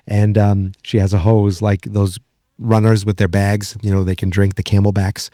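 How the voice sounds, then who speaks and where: Low, mellow New England man recapping. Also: moderate pace, no room sound, studio quality. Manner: rambling, excitable, lots of fillers and restarts. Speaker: podcast host. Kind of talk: casual episode recap.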